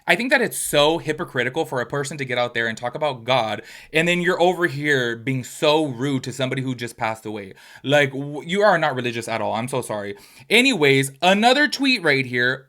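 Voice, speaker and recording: A man's voice: mid-range voice, expressive, fairly quick, bright, forceful tone. A man giving a casual commentary rant as a YouTube commentator, blunt and profane, with lots of fillers.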